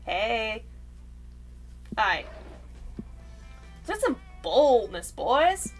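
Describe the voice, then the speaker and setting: Brief: young woman streamer, high bright voice, bouncy animated chatter. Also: drawn-out words, faint music behind. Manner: excitable, laughing, chatty. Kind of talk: casual game commentary.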